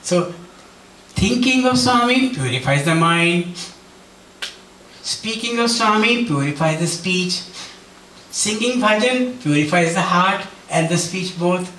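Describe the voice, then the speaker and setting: Man with a high voice telling devotional stories, echoey hall, kinda far from the mic. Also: lively intonation, takes it slowly, pauses often, bright, forceful tone. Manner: earnest, storytelling, acts out quotes. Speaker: speaker at a devotional gathering. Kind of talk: devotional talk with personal stories. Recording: roomy hall, mic at a distance.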